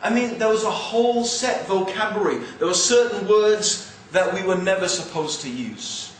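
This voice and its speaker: English guy with a bit of east london twang, preachy and jokey, highish voice, big echoey hall, mic far away. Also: moderate pace, slight background noise. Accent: English, mixed with East London. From England. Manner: animated, joking, conversational. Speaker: Islamic speaker. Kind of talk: religious lecture to an audience.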